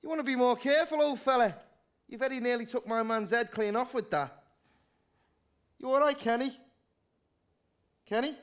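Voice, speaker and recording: A jittery crook in a movie, high and frantic. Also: male voice, normal speed, pauses often, clear, resonant tone. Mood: warning. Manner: agitated, shouting. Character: jittery young male crook, panicky and shouty. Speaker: crook in a heist.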